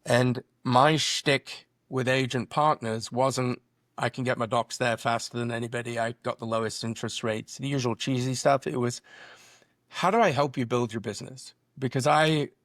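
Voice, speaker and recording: A middle-aged man, guest on a podcast, telling lively work stories and acting out conversations in quoted voices. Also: medium pitch, normal speed, no echo, studio quality. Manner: animated storyteller acting out dialogue. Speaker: guest, drone business founder. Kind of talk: podcast interview.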